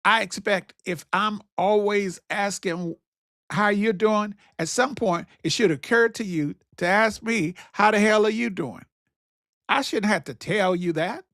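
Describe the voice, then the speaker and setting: A man's voice: sits high, measured pace, a bit bright, no echo, studio quality. A man hosting his own talk show, speaking in a casual, preachy monologue that repeats its key phrases. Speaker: podcast host.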